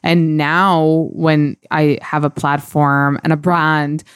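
A woman hosts a casual podcast chat, her voice low and resonant. She rambles candidly through fillers and restarts. The sound is close and dry, with no room around it. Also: flat delivery, takes it slowly, clear, resonant tone, no room sound. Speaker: podcast host.

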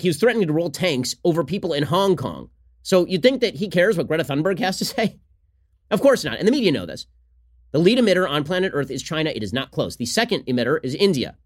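Male podcast host, sarcastic and combative, rapid-fire delivery, slightly high voice. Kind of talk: fast solo political commentary.

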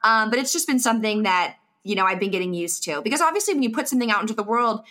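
A woman's voice: fairly high pitch, expressive, racing, a bit bright. A woman hosting a podcast, chatty and casual, with plenty of filler words. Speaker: podcast host.

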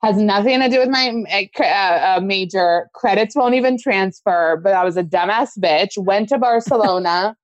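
A woman's voice: mid-range voice, moderate pace, few pauses, no room sound. Chatty woman, rambling podcast talk. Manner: chatty, rambling, swears freely. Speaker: podcast host. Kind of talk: casual podcast chat.

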